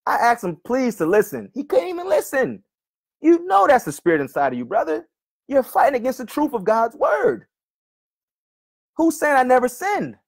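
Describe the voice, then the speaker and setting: A male preacher arguing with a commenter online, often calling him brother and reading scripture slowly and repeatedly. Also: very high voice, big pitch swings, vocal fry. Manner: argumentative, keeps addressing "brother", reads verses slowly and repeats them.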